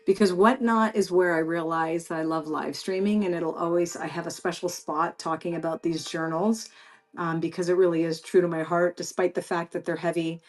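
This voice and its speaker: A woman hosting a casual live stream who speaks straight to her viewers. Her voice sits a little low, and her chat is effusive and encouraging. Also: fairly even intonation, normal speed. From Canada.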